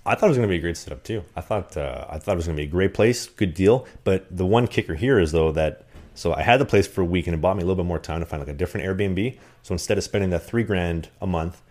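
A deep-voiced man telling a long string of stories in casual podcast chat. He talks fast and keeps rambling along, full of fillers and restarts, acting out the scenes as he goes. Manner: rambling, animated storyteller. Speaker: podcast guest. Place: rented apartment.

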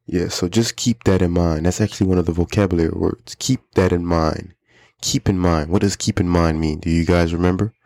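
A deep-voiced man talks through everyday phrases for English learners in a relaxed podcast style. He repeats key phrases so listeners can follow along. The recording is dry and close, with little room sound. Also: a little fast, dry recording. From United States. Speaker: podcast host teaching English. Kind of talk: casual teaching chat.

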